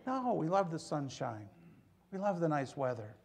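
A middle-aged male pastor preaching in a church, his voice sitting a little high for a man. He talks in a chatty, storytelling way and keeps prodding the congregation to answer him. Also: big pitch swings, normal speed, vocal fry, slight background noise. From Michigan. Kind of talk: conversational sermon. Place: church sanctuary.

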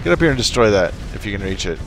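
Racing along with big pitch swings, this man's fairly low voice comes through amid background noise. He is a gameplay commentator casually narrating a strategy game, goofily barking orders at his units and joking with them, while faint game music and artillery sound behind.

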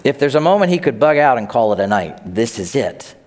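A middle-aged man preaching a sermon as a pastor, telling stories in an animated way and acting out the voices he quotes. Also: mid-range voice, a little fast. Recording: long hall reverb.

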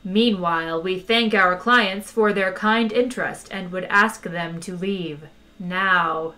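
A woman voicing an old recorded planet announcer in a storybook reading, slow, courteous and quietly threatening. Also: medium pitch. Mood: menacing.

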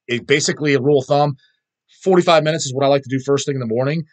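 A man's voice: mid-range voice, rapid-fire. A middle-aged man chatting casually as a vlog host, rambling and swearing constantly as he answers viewer questions.

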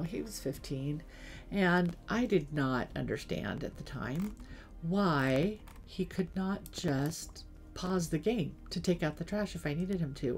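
Low gravelly-voiced woman streamer. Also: a little mellow. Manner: chatty storytelling with asides to the game. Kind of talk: casual gaming livestream chat.

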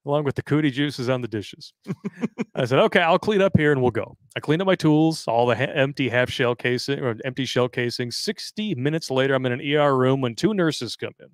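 A man's voice: medium pitch, brisk, dry recording. A man hosting a live show, reading a story aloud in a crude, jokey way and laughing often. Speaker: podcast host reading a listener story. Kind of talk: casual live-stream chat.

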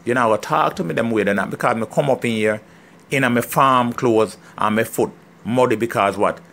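A middle-aged Jamaican farmer rants straight at his viewers in a heated, emphatic vlog, with a strong Jamaican accent, repeatedly asking if he's understood to drive each point home. His mid-range voice is gravelly and a bit bright, at a moderate pace.

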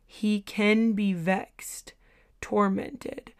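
A woman speaks in a devotional teaching talk. Her voice sits at an ordinary middle pitch, and she takes her time. She is earnest and a little hesitant, pausing on soft filler sounds as she gathers her thoughts. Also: steady tone. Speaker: Christian teacher.

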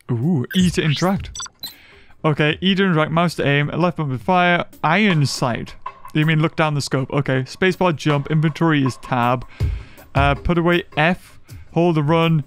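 Young let's player, goofy, bouncy high voice, faint music under. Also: male voice, animated, normal speed. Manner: goofy, jokey, sudden squeals and silly voices. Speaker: gaming YouTuber. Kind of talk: let's play commentary.

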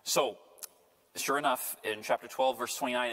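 Male priest lecturer, casual teaching tone, mid pitch, reverberant hall. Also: moderate pace, a bit bright. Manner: conversational, checks in with "right?". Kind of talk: Bible study lecture. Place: parish lecture room.

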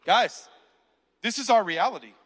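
A man giving a keynote talk, telling stories with lively acted-out voices. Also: high-pitched, measured pace. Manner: animated storyteller acting out quoted voices. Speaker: keynote speaker. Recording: large hall reverb.

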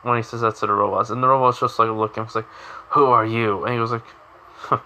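A man's voice: mid-range voice, level tone, rapid-fire, sharp tone, a little hiss or hum. A young man casually retelling a fan story with lots of fillers, like and you know.

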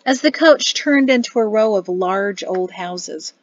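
A woman narrates an audiobook at a steady, even storytelling pace. Her voice sits mid-pitch and sounds dry and close, with a dull, muffled top end. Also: measured pace, no room sound. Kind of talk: scripted narration.

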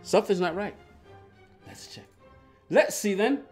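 Lively high-voiced male game streamer. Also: unhurried, faint music behind. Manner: rambling, repetitive storytelling with frequent restarts; reads and answers chat aloud. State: agitated while recounting. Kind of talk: live-stream chat while gaming.

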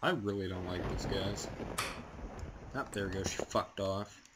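A man's voice: sits low, a little slow, noisy background. A young man from Canada narrating a horror game as he plays, swearing a lot and talking himself through the scares. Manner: profane, jumpy, talks himself through scares. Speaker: gaming channel host. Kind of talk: horror game let's play commentary.

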